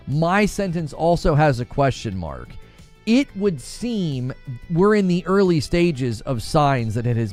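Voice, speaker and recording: A middle-aged man hosting a casual gaming livestream, talking through news and reading out viewer comments with frequent chuckles. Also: on the high side. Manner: animated, conversational, chuckles often.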